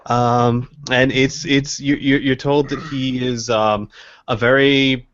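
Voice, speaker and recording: A man's voice: medium pitch, level tone, slow, a bit bright, muffled recording. A man narrating a tabletop game as game master, hesitant and rambling with many restarts.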